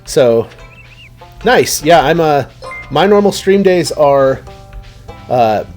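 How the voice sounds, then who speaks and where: A man's voice: on the high side, animated, slow, a little mellow, soft background music. A man chatting casually while streaming a game, rambling and talking to his viewers. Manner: rambling, chatty, many fillers and restarts.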